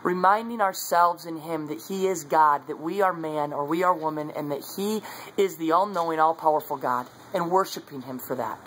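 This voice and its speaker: A man's voice: fairly high pitch, normal speed, fairly bright tone, slight background noise, poor audio. A man sharing his faith in a casual devotional talk, earnest and conversational, recorded on a phone. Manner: earnest, conversational, many fillers.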